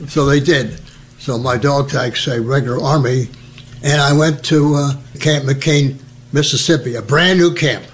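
A man's voice: mid-range voice, unhurried, slight background noise. Older man telling war stories. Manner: lively storyteller, acts out voices and laughs. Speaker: veteran recounting memories. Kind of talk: oral history storytelling.

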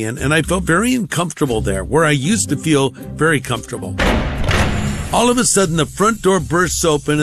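A man's voice: a little high, a bit bright. A man giving a conversational personal testimony, acting out the voices of the people in his stories.

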